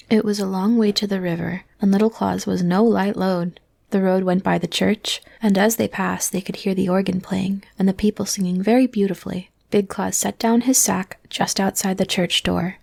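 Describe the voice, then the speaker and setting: A woman reading a fairy tale aloud in a soft, hushed bedtime voice, as whispered role-play. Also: mid-range voice, steady tone, normal speed, creaky. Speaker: storyteller.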